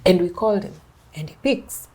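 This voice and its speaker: A woman's voice: lowish voice, lively intonation, moderate pace, warm tone, husky. A young Kenyan woman with a Kenyan accent, recounting a personal story as an interview guest and switching between English and Swahili. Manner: mixes English and Swahili, acts out others' lines.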